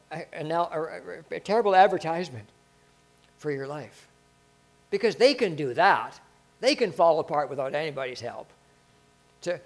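Male pastor, middle-aged, higher-pitched, chatty sermon delivery with loud peaks and hushed asides. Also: low-quality recording. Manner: conversational, frequent restarts, swings from loud emphasis to quiet asides.

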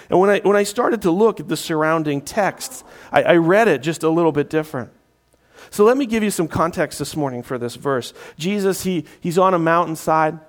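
A man preaching a sermon, often repeating his words and acting out crowd voices. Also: on the high side. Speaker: pastor.

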